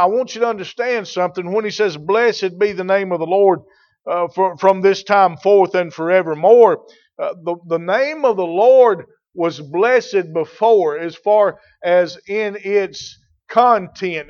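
A man preaching a sermon, moving from quiet teaching to loud, emphatic declarations. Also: sits high, lo-fi sound. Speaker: pastor.

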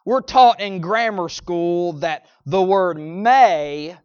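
A man preaching a sermon emphatically, often punctuating his points with amens and swinging between loud stresses and quiet asides. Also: high voice, slow pace, clear, resonant tone, no echo, lo-fi sound.

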